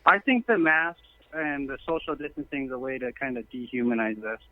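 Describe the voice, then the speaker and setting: A man's voice: medium pitch, a little fast, no echo. A man calling into a talk show, telling long stories earnestly and at length. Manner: earnest, long-winded storytelling. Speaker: caller. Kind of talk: phone-in conversation. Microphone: telephone. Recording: tinny phone line.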